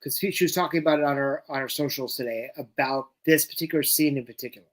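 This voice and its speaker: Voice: medium pitch, fast talker. A co-host chatting casually and enthusiastically during a live watch-along. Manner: chatty, enthusiastic fan banter. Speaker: podcast co-host.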